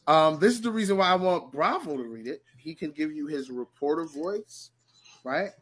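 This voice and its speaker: A man co-hosting a casual podcast, animated and talking in quick bursts. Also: fairly high pitch, breathy edge. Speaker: podcast co-host.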